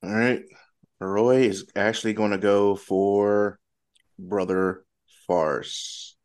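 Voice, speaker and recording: A man's voice: fairly low pitch, steady tone, takes it slowly, darkish tone. A man playing in a tabletop game, describing his character's moves in a laid-back way. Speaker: player. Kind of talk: casual game talk.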